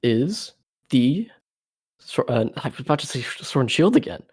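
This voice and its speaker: A man's voice: medium pitch, very animated, normal speed, a little mellow, slightly rough. A man co-hosting a podcast in casual chat, laid-back and matter-of-fact. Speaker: podcast co-host.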